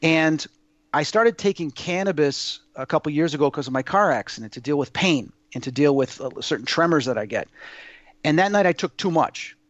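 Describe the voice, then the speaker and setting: A man's voice: a little high, lively intonation, normal speed, no room sound, highs cut off. A man telling personal stories in a casual interview, earnest and rambling, with many fillers and restarts. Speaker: guest sharing personal experiences. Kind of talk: casual spoken storytelling.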